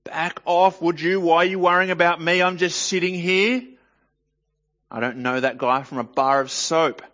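A man's voice: moderate pace, pushed and bright, highs cut off. A man voicing a flustered man who nervously and defensively denies knowing someone. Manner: defensive, protesting, rising in pitch.

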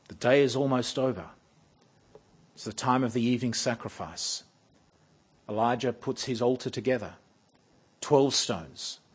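A man preaching a sermon, animated and wryly mocking, swinging from loud bursts to hushed, slow lines. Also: mid-range voice, husky. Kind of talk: expository sermon.

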